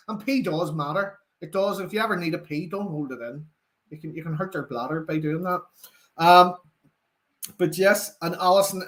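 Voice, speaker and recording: A young man from Northern Ireland, with a Northern Irish accent, hosts a live football watchalong for his fan channel. He chats animatedly and reads viewer comments aloud in a fairly high, slightly bright voice.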